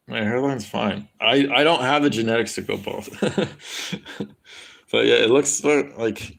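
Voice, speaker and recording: A young man from the States talks on his livestream, wandering from one thought to the next and swearing as he reacts to chat. His voice sits a little low, with a gravelly fry running through it. He sounds high and unhurried. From United States. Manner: rambling, crude, answers chat.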